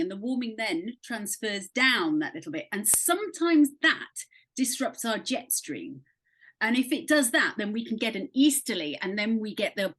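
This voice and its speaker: A woman's voice: fairly high pitch, breathy edge. A British woman presenting weather in casual chat, explaining things in a playful way and laughing a lot. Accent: British English.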